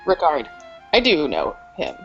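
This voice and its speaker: A woman's voice: deep voice, huge pitch swings, a little slow, soft background music. A woman playing a tabletop game, chatty and giggly, hesitating with lots of fillers. The recording is slightly muffled. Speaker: player. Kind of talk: casual tabletop game play.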